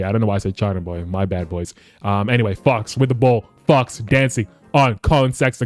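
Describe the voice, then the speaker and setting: A man commentating his basketball video game for his viewers, excitable and swearing often, calling them boys. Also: fairly low pitch, fairly quick, soft background music. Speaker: gaming YouTuber.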